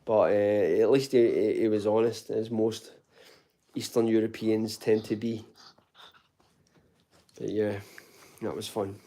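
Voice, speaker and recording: Dark-voiced Glaswegian man chatting casually. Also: fairly low pitch, steady tone, unhurried, pauses often. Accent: Glaswegian Scottish, toned down. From Glasgow, Scotland. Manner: chatty and informal, calls viewers mate and buddy, swears. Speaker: fitness channel host answering live chat. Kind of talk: casual live Q&A chat.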